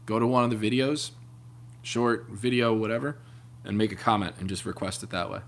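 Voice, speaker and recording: Low-voiced rambling man in his thirties. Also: steady tone, a little fast, vocal fry. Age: 30s. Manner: rambling, profane, laid-back. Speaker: livestream host, bassist. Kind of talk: casual live-stream chat. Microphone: open-air room mic. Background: loud bass playing.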